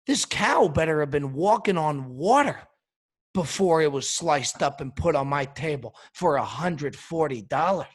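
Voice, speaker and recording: Husky man on an indignant comic rant. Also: a little high. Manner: exasperated, indignant ranting. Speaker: comedy podcast host. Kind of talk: comedic rant monologue.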